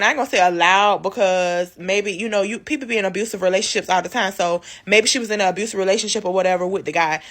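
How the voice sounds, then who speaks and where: A woman's voice: mid-range voice, a bit bright. A woman vlogger telling her life story in a casual storytime, speaking candidly and directly to her viewers. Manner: candid, talks straight to viewers; loose and conversational, many fillers.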